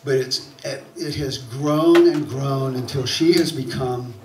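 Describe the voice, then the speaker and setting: Southern storyteller in an echoey hall. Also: male voice, medium pitch, slow pace, slight background noise. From South Alabama. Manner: animated, building to loud excitement at tense moments. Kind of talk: live personal storytelling. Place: theater stage. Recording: roomy live hall recording from a distance.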